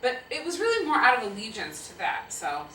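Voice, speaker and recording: A woman in her fifties answers audience questions with laughing, self-mocking stories. Her voice is high and bright, and her pitch swings widely. She is heard from a distant mic in a roomy hall with a faint hum behind her. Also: a little fast. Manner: animated, laughing, self-deprecating. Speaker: guest speaker. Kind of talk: live audience Q&A storytelling. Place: auditorium with audience.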